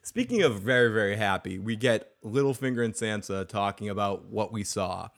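A man hosting a casual podcast chat, retelling scenes in an animated way and laughing often. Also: fairly low pitch, moderate pace, vocal fry. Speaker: podcast host.

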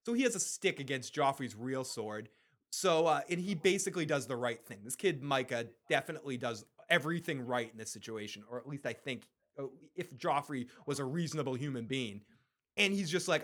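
A man casually recapping a TV episode, with animated, profane storytelling. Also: mid-range voice, a little fast. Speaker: podcast co-host.

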